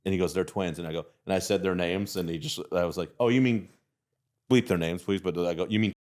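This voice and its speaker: A man from Texas with a Texan accent, a comedian guest telling rambling, animated anecdotes. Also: sits low, fast. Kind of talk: casual storytelling.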